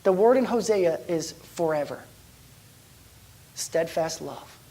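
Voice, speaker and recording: A pastor's slightly high, expressive voice moves at a slow pace as he tells a personal story in his sermon. He keeps it conversational, restarting often and repeatedly softening to a near whisper.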